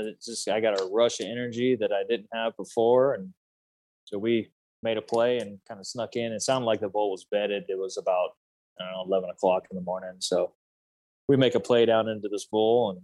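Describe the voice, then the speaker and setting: A man's voice: on the low side, a little mellow, no echo. A man in his thirties casually telling a hunting story, rambling with many fillers and restarts. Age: 30s.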